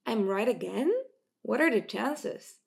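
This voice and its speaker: A woman reading the part of a nerdy, sarcastic teen boy obsessed with privacy, in her own slightly gravelly voice. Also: a little high, moderate pace, warm tone. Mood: excited. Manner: sarcastic, earnest.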